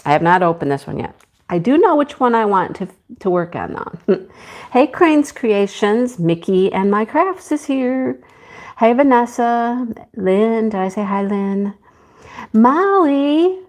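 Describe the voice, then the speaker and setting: A woman's voice: medium pitch, animated, a little slow, darkish tone. A woman with a country American accent hosting a casual craft live stream, chatty and greeting viewers by name. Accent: rural American country. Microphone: clip-on mic.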